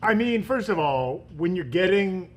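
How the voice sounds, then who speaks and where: A man's voice: sits high, lively intonation, a little slow. A man co-hosting a TV review show, offering dry, wry jokes in casual chat. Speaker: co-host.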